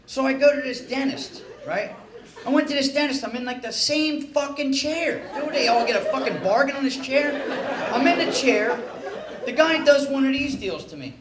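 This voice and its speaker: A man's voice: very high-pitched, expressive, normal speed. A man doing a stand-up comedy set on a nightclub stage, telling exasperated, profane stories. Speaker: stand-up comic. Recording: echoey club with loud crowd noise.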